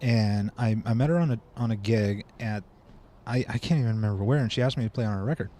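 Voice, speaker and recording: A man chatting as a podcast guest and drum instructor, telling stories in a lively way and acting out what people said. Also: on the low side, fast talker. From Seattle, Washington. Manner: animated storyteller who acts out quoted speech. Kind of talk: casual podcast chat.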